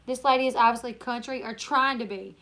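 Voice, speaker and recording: A tired woman from Northern Louisiana with a country accent hosts a casual YouTube live-stream Q&A, chatting and reading viewer comments aloud. Her voice is fairly high, pushed and bright, and she talks briskly.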